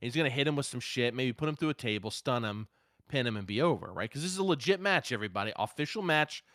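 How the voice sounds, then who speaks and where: A man co-hosting a casual wrestling podcast, speaking at a middle pitch. He is excitable and swears freely, jumping from loud bursts to low asides. The recording is dry and close, with no room sound. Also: fast, dry recording. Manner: excitable, profane, swings loud and soft. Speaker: podcast co-host.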